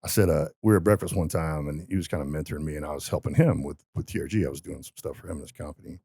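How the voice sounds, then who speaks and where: This is a man with a very low, gravelly voice that has a husky edge. He talks fast and with emphasis, recorded dry in a podcast studio. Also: mellow, dry recording. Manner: emphatic, motivational. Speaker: podcast guest. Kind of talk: storytelling in casual conversation.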